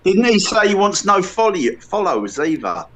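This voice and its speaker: A man's voice: sits high, big pitch swings, moderate pace, a bit bright. A man in casual podcast chat, talking in a chatty way and stumbling and breaking off mid-sentence. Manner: chatty, stumbling, self-interrupting.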